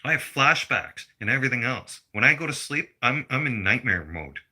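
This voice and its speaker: A man's voice: mid-range voice, big pitch swings, moderate pace, pushed and bright, slightly rough. A middle-aged man delivering a blunt, profane personal rant to his viewers. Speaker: vlogger.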